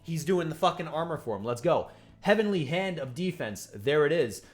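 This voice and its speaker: A man hosting a casual reaction show, reading aloud and commenting in an excitable, profane way, with faint music behind him. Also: fairly high pitch, normal speed. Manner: excitable and profane, laughs along. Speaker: manga reaction host.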